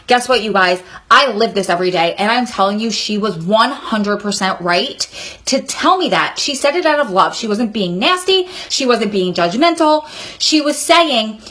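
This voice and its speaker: A woman's voice: on the high side, expressive, normal speed, fairly bright tone. A woman in her thirties giving heartfelt, emphatic advice straight to her viewers in a vlog. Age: 30s. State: sweaty, hot room. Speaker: vlogger. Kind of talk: emotional advice monologue.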